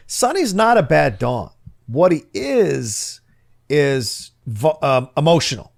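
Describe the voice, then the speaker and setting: A man's voice: medium pitch, sing-song, measured pace, creaky. A man co-hosting a podcast, arguing a point about a film character with passion and emphasis. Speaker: podcast co-host. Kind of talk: casual film discussion.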